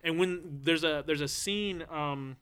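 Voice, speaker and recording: A young man co-hosting a podcast in casual chat, an animated storyteller who swears freely and acts out quotes loudly. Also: fairly high pitch, unhurried, smooth. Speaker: podcast co-host.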